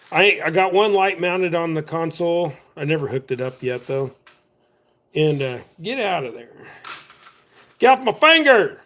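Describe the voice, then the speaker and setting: A chatty man with a drawl rambles easily through a live stream. His voice sits a little higher than most men's, and he talks in a relaxed, offhand way. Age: adult. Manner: chatty, drawling, easygoing, talks while working with his hands. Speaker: livestream host. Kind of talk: casual rambling livestream chat.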